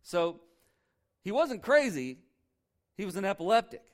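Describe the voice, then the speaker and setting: A man's voice: sits high, big pitch swings, measured pace. A male pastor preaching a sermon in a church, emphatic and conversational, throwing rhetorical questions at the congregation.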